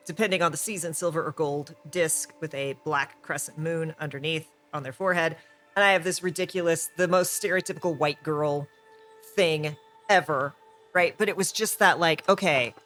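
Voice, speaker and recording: A man with a fairly high, slightly bright voice co-hosts a podcast, chatting casually about tabletop role-play. He's enthusiastic and rambling, often correcting himself mid-sentence.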